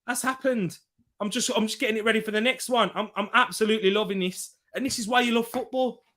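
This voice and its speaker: A man calling a football match live from home for his viewers, bursting with excitement and chatting back to them between the action. His voice sits high for a man and is piercingly bright. The delivery is energetic and reactive, with plenty of exclamations. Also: fast. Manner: excitable, reacts loudly and reads out viewer comments. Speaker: football watchalong host. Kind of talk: live football commentary and chat. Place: room at home.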